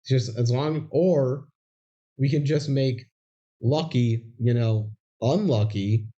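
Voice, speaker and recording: A man's voice: medium pitch, slow, mellow, highs cut off. A man co-hosting a podcast, recapping a movie scene by scene and acting out the characters' lines. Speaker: podcast co-host. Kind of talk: casual movie recap chat.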